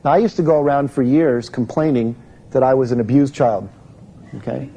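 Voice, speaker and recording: Man giving a seminar talk, mellow voice. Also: medium pitch, fairly quick, low-quality recording. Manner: explains step by step, quizzes the audience. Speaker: self-help seminar speaker. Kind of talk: live seminar talk to an audience.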